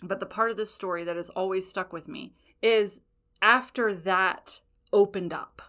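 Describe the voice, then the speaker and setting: A woman podcast host telling stories in a casual, rambling monologue, animated and profane, with frequent laughs. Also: mid-range voice, moderate pace.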